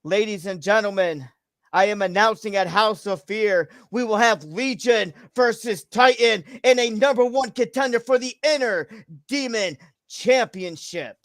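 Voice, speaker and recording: A man hosting a storytelling wrestling show, hyping up matches with drawn-out showman pauses and reading the story aloud. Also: high-pitched, fairly bright tone, dry recording. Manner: showman, drawn-out hype, pausing for effect. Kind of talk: wrestling announcement and live read-aloud.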